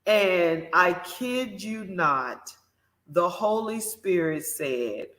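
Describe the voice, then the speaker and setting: A woman host shares a personal story at an easy, unhurried pace. She talks with animated emphasis, turning often to address her audience. Her voice rings in a roomy, echoing space. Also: on the low side. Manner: animated, emphatic, speaks directly to listeners. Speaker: morning show host. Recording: roomy echo.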